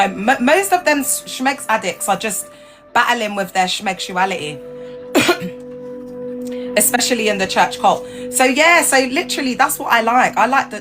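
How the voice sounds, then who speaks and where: A woman chatting casually to viewers on a livestream, animated and laughing, her voice jumping up high when she gets excited. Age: adult with grown children. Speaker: livestream host. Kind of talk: casual chat.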